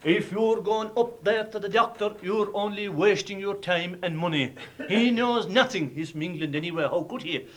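A man's voice: sits high, normal speed, natural voice. A man doing a confiding Irish countryman. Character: gruff middle-aged man from Tipperary, knowing.

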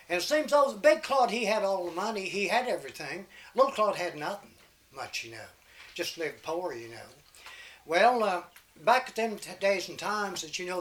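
Man, high voice, folk tale storyteller, rambling, folksy. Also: a bit bright, a little hiss or hum. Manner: folksy, rambling, peppered with "you know". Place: home recording session.

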